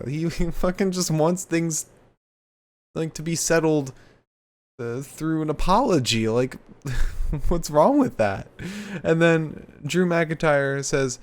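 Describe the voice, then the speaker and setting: A man's voice: a little high, slow. A man chats loosely on a podcast, often laughing along. His speech is peppered with "like" and casual swearing, and he keeps an easy, offhand tone. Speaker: podcast co-host.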